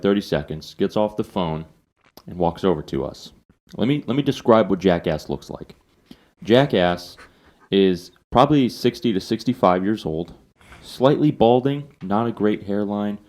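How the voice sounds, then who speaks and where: Podcast host, man, very low voice, casual profane storyteller. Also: expressive, measured pace, a little mellow.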